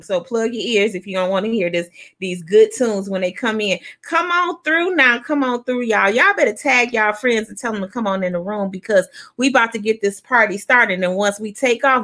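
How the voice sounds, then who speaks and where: A woman hosting a live online talk show, loud and playful, hyping up her viewers and breaking into bits of song. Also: fairly high pitch.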